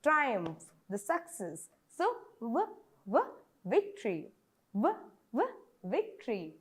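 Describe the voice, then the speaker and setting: A woman's voice: on the high side, big pitch swings, slow pace, breathy edge. A woman from Kerala with a Malayali English accent, teaching phonics to children and repeating each letter sound over and over. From Kerala, India.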